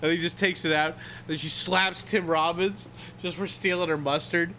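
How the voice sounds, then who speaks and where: A young man livestreams casual, rambling movie chat packed with swearing and laughs, breaking into scat and movie-line impressions. His voice sits on the high side, pushed and bright, with fairly even intonation at a normal speed. A little hiss or hum runs underneath.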